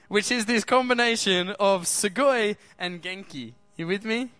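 Upbeat high-voiced preacher. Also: male voice, lively intonation, moderate pace, few pauses, pushed and bright, no echo. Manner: upbeat, keeps asking the crowd questions. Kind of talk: sermon.

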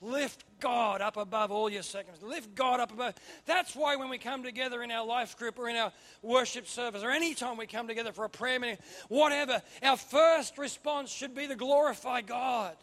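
A man preaching a sermon, swinging from quiet asides to loud emphatic bursts. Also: very high-pitched, fairly quick, hardly any pauses. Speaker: pastor.

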